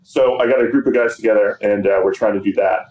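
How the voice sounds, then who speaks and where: A man from the United States chats easily about his work as a podcast guest, wry and unhurried. His voice sits low, and the room gives it a noticeable echo. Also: fairly even intonation, a little mellow, dull audio. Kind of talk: casual chat.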